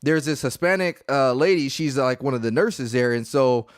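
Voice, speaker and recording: A man in his thirties co-hosting a podcast, telling stories in a casual, animated way and laughing often. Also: mid-range voice, normal speed, no echo, clean studio sound. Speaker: podcast co-host.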